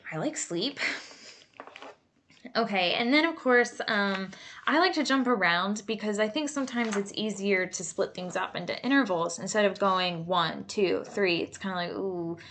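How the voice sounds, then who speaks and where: A woman working as a creative arts therapist, explaining a coping exercise in a relaxed, chatty way with many fillers and asides. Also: medium pitch, normal speed, slight background noise. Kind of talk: casual instructional talk.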